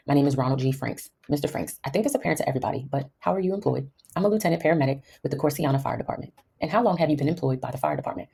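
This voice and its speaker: A woman's voice: sits low, gravelly, mellow, a little hiss or hum. A woman who hosts a podcast, reading a court transcript aloud and voicing every part herself, with wry asides of her own. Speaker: podcast host.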